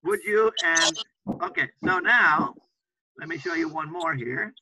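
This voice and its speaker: A man's voice: a little high, a little slow, sharp tone, husky, no echo, low-quality recording. A man teaching an English class to students, patiently repeating example phrases and often checking understanding with "right?".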